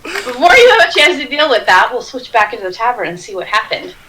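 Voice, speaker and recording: A woman narrating a tabletop game as game master, telling the scene in a lively, quick way. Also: a little high, slight background noise, low-quality recording.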